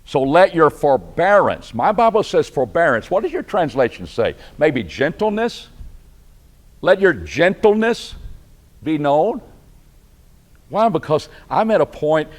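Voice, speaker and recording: A man's voice: on the high side, big pitch swings, normal speed, hardly any pauses. A man with a Texan accent teaching a church Bible class, conversational and asking his listeners questions. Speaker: preacher.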